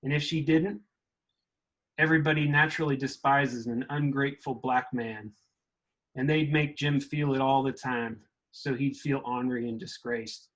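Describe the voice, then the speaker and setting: A man's voice: mid-range voice, steady tone, normal speed, a bit bright, lightly acted, rough recording. A man reading aloud as a young Southern boy wrestling with his conscience, in a mid-Southern US accent, with plain, earnest storytelling. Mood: troubled.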